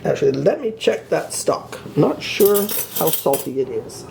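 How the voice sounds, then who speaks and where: A woman's voice: sits low, very animated, normal speed, vocal fry, noisy background. A woman hosting a casual cooking demonstration in her home kitchen, chatting and joking at her own expense while she works. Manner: chatty and self-deprecating, talks while cooking. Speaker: cooking show host.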